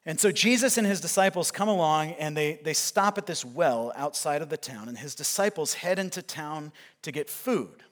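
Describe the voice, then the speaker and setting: A man's voice: fairly high pitch, moderate pace, hardly any pauses, a bit bright. A male pastor preaching a sermon, retelling a scripture story in a conversational way.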